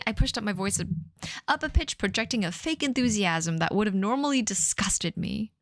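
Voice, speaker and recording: A woman's voice: medium pitch, lively intonation, normal speed, dry recording. A woman in her thirties reading her teenage fanfic aloud on a live stream, often breaking off to laugh and comment. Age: 30s. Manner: laughing at her own writing, mock-dramatic asides.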